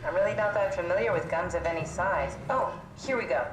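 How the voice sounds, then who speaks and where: A woman's voice: fairly low pitch, a little fast, music in the background, lightly acted. A woman voicing a wry, weary AI guide. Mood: determined. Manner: dry, self-deprecating, matter-of-fact. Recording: game dialogue, roomy echo under gameplay noise.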